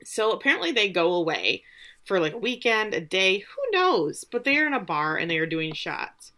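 A woman's voice: mid-range voice, sing-song, moderate pace, sharp tone. A woman recapping a TV show in casual chat, sarcastic and mocking.

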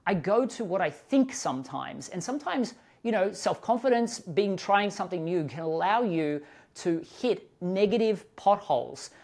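A man hosting a podcast interview, telling stories in an animated, expressive way with sudden lifts in his voice. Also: gravelly. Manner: animated, expressive storytelling with quick rises in pitch. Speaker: podcast host. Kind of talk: conversational interview.

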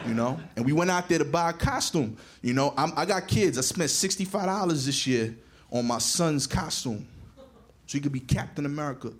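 Profane New stand-up storyteller. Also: male voice, a little high, fairly quick. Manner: animated, profane, punchy delivery. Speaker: stand-up comedian.

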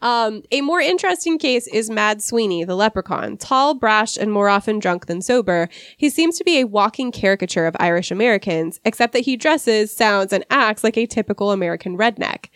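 A woman's voice: mid-range voice, lively intonation, brisk, hardly any pauses, dry recording, clean studio sound. A woman hosting a casual literary discussion podcast, reading quoted passages and stumbling over hard words. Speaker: podcast host.

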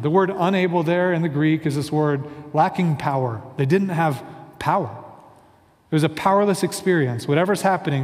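A man's voice: on the high side, a little mellow, long reverb tail. A male pastor preaching a sermon in a conversational way, often repeating his phrases. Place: church sanctuary.

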